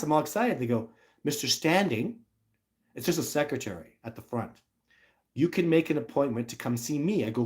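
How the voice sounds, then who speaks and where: A man's voice: mid-range voice, quick pace, a little mellow. A middle-aged man, telling a story on a livestream in a blunt, ranting way. He acts out other people's lines in mocking voices. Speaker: livestream host.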